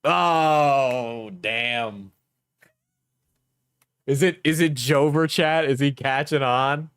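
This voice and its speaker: Man streamer doing unhurried reaction commentary, joking with chat, on a dry close mic. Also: medium pitch, fairly bright tone, clean tone, no echo. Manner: joking, laughs often, talks to chat. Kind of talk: casual livestream reaction commentary.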